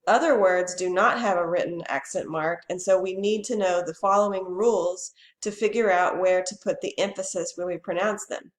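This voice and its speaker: A woman Spanish teacher giving a bilingual lesson. She says each Spanish phrase first and then the English, slowly and clearly. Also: fairly low pitch, echoey room.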